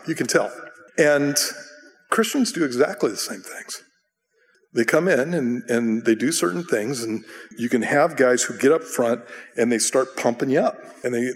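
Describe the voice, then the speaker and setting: Middle-aged man, pastor, casual self-mocking sermon, average pitch, long hall reverb. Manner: conversational, self-deprecating, with bursts of acted shouting.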